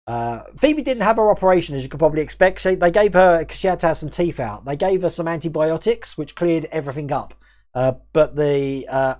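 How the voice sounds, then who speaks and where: Live stream host, male, mixed Australian-English accent, fairly high voice, chatty and quick, laughs a lot. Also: darkish tone. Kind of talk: casual live stream chat, reading viewer comments.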